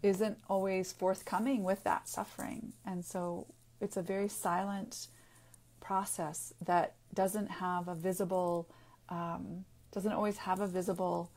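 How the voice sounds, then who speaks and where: A woman's voice: lowish voice, little pitch movement. Woman just talking to camera, earnest, stops and restarts a lot, kinda searching for words. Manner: halting, many restarts and fillers, earnest. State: getting emotional. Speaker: naturopathic doctor and author. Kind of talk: unscripted personal video talk.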